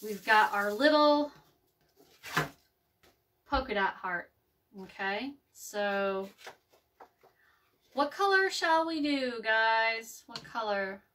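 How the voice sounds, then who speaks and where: A woman's voice: fairly high pitch, animated, drawn-out words, pauses often, a bit bright, distant mic, slight background noise. A woman hosting a casual craft video, rambling and chatty with many ums and restarts as she works. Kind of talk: casual live craft chat. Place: home craft table, indoors.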